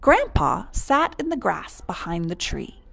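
A woman reading a children's picture book aloud in a slow, lilting storytelling way. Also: medium pitch, very animated, creaky, fairly bright tone, breathy edge.

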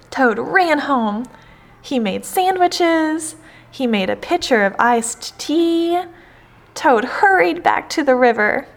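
A woman reading a children's storybook aloud, slow and expressive. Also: sits high, creaky.

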